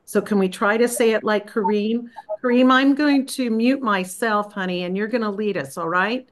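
A woman leading a group practice on a video call, speaking in a gentle, unhurried and encouraging way. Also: medium pitch. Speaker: spiritual practice leader. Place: Florida.

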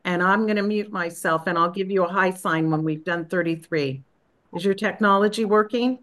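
A woman leading a group practice on a video call, speaking in a gentle, unhurried and encouraging way. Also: fairly low pitch. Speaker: spiritual practice leader. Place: Florida.

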